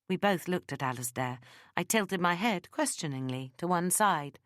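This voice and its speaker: A woman narrating a first-person audiobook, with a low voice and a very dry, close sound. She reads with lively storytelling energy. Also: normal speed, no room sound.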